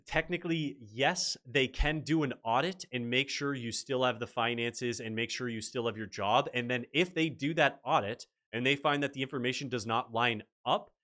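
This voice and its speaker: A man hosting a casual livestream, telling stories with animation and answering chat. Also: mid-range voice. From Canada. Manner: animated storyteller reading chat aloud. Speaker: livestream host.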